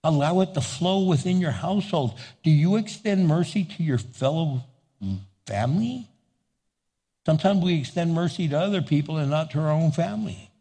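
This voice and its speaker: A man preaching a sermon as pastor, animated, acting out little dialogues and laughing often. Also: on the high side, breathy edge. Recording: long hall reverb.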